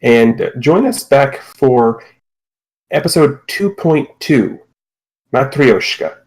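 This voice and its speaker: A man narrating as game master of a tabletop game, relaxed and with many fillers. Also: mid-range voice, slow, low-quality recording.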